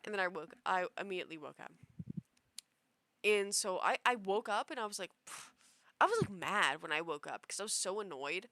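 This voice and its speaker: Bright-voiced young woman rambling animatedly. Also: mid-range voice, brisk, dry recording. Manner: rambling, animated, heavy use of "like". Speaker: streamer. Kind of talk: casual storytelling to a live chat.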